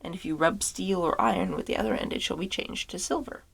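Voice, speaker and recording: A woman's voice: fairly low pitch, big pitch swings, fast, a bit bright, breathy edge, heavily acted. Woman reading as a haughty bottle spirit. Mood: solemn. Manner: proud, threatening, then pleading.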